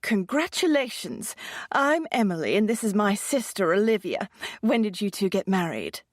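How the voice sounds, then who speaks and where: A woman's voice: mid-range voice, sing-song, normal speed, dry recording, studio quality. Emily, a woman doing a posh British traveler. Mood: delighted. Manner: blunt, chatty.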